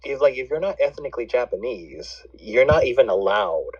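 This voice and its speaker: A man's voice: mid-range voice, expressive, moderate pace, slightly rough. A man who immigrated, speaking as a guest on a casual podcast, agreeable and full of "you know" and "I mean". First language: not stated; immigrant. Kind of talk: casual chat. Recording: dull lo-fi sound.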